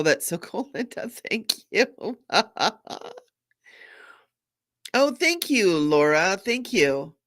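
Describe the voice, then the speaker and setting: A middle-aged woman hosting a spiritual live stream, bubbly and gushing, laughing often as she talks to viewers. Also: deep voice. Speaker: spiritual medium and livestream host.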